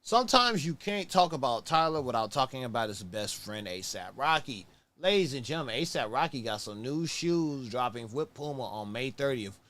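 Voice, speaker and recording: A man's voice: mid-range voice, lively intonation, normal speed, a bit bright. A man hosting a casual sneaker review show, talking in a laid-back, rambling way, often correcting himself and sounding tired. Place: at home on camera, moving around.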